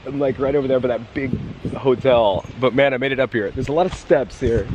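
A man in his forties from the United States, chatting casually and excitably as he walks and vlogs outdoors, out of breath on a climb. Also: medium pitch, a little fast, lo-fi sound. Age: 40s. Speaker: travel vlogger. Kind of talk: casual walking vlog. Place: outdoors in a windy town and hillside. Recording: wind noise on outdoor mic.

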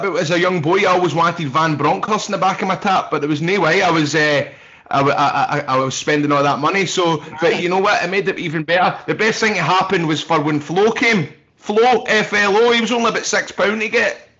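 A man from co-hosting with loose, joking chatter. His voice is bright and fairly high, and the sound is dull, lo-fi home call audio. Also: a little fast. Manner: joking, rambling. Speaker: podcast co-host. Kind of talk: casual podcast banter. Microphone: home call over video chat.

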